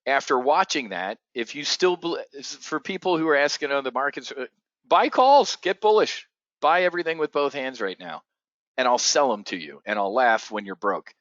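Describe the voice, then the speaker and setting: A man hosting an options trading show, giving excitable, blunt commentary full of swearing. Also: medium pitch, moderate pace, dry recording, lo-fi sound. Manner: excitable, profane, blunt asides. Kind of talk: live market commentary.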